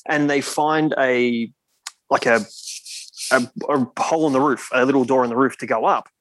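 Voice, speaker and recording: A man's voice: medium pitch, moderate pace, no echo. Guy on a podcast retelling stuff, swears a lot, dry close sound. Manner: animated retelling, swears freely. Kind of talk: casual chat.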